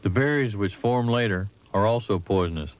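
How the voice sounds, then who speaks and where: A man giving measured, instructive scripted narration for an instructional film, recorded as a voice-over. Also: lowish voice, animated. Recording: dull lo-fi 1980s training film audio.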